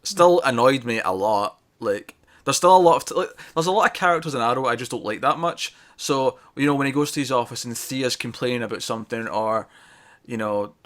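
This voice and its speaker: A man's voice: medium pitch, brisk, fairly bright tone. Rambling man chatting about TV. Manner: rambling, self-correcting, laughing often. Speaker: podcast co-host reviewing TV. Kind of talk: casual review chat.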